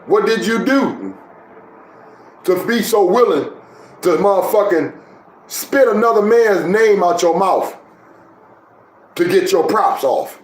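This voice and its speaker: A man's voice: sits high, expressive, takes it slowly, pauses often, echoey room, rough recording. A man giving scornful, profane reaction commentary.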